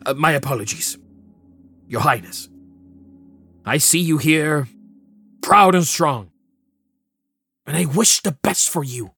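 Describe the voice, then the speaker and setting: A man's voice: fairly high pitch, expressive, slow, long pauses, fairly bright tone, breathy edge, heavily acted. A man voicing an impassioned male envoy who pleads and then raises his voice in fervent speech, in a tabletop game. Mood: persuasive. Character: impassioned male envoy, persuasive, grows loud.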